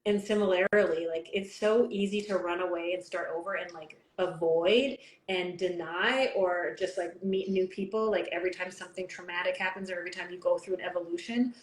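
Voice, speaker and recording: A woman's voice: fairly low pitch, steady tone, brisk, few pauses. A Canadian woman hosting a podcast, telling personal stories openly in a casual, chatty way with lots of "like". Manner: open, personal storytelling with frequent "like". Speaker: podcast host. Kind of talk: casual conversation. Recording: roomy echo, faint background noise.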